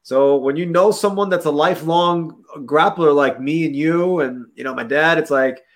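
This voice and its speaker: A man's voice: a little high, moderate pace. A young adult man hosting a casual chat, laid-back and slangy, laughing often. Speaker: podcast host.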